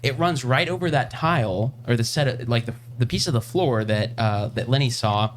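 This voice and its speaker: A man running a tabletop game as game master, talking in a halting, hesitant way as he thinks aloud. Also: mid-range voice, lively intonation, a little hiss or hum.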